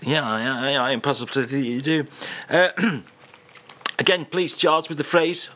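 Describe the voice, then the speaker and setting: A man's voice: mid-range voice, fairly even intonation, measured pace, sharp tone, no room sound. Man, radio presenter, comic chat, mock-exasperated, dry close studio sound. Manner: jokey, teasing, mock-exasperated.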